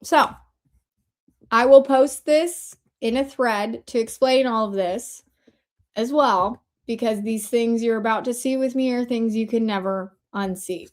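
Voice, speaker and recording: A woman hosting a casual commentary show, talking chattily with sarcastic asides and quick shifts between fast and slow delivery. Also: fairly high pitch, darkish tone. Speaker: host. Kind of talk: casual commentary over screen shares.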